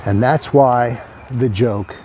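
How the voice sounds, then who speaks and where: A man's voice: mid-range voice, slow, background noise. A man giving a motivational talk on addiction recovery, conversational and emphatic, repeating key phrases.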